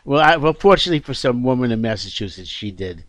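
A man hosting a talk radio show at an ordinary middle pitch. He speaks earnestly and often stops to restart his sentences. The sound is dry and close in the studio. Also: animated, fairly bright tone, no echo. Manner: halting, frequent restarts, earnest. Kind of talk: casual radio chat.

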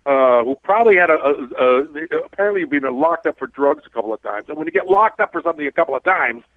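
Blunt New cabbie host, tinny line. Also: male voice, on the high side, expressive, fast talker, no room sound. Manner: blunt, rambling storyteller. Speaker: radio show host and cab driver. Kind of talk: talk radio chat. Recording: tinny phone-like dry sound.

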